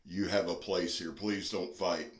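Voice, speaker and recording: Folksy low-voiced man in echoey room. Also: steady tone, a little slow. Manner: folksy and earnest, plain-spoken. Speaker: knife reviewer. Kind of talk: casual review vlog. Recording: roomy echo.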